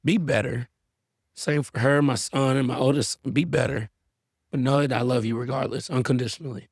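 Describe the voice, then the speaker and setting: A man in his thirties talks as a guest on a candid podcast, earnest and reflective, and now and then acts out talks with his kids. His voice is gravelly and husky, in a mid register. The sound is close and dry. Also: medium pitch, steady tone, brisk, dry recording.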